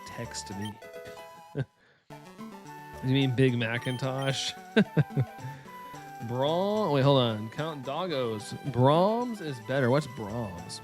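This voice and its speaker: Southern guy with a light accent hosting a stream, chill and laughy, some soft music behind him. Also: mid-range voice. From Southern United States. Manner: chatty and upbeat, laughs often, greets viewers by name. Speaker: live-stream host. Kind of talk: casual live-stream chat, reading chat.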